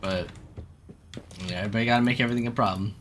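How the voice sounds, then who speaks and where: A man riffing in relaxed, profane conversation, slipping into little impressions of other people. His voice is bright and forceful. Faint noise sits under the recording. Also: on the low side, racing. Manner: animated, profane, acts out people mid-story. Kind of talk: casual chat.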